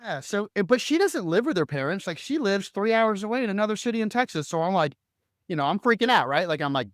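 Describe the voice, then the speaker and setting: A man's voice: high voice, expressive, fairly quick, fairly bright tone, no room sound, clean studio sound. A young adult man co-hosting a podcast, telling a personal story casually and animatedly, full of fillers and acted-out quotes. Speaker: podcast co-host.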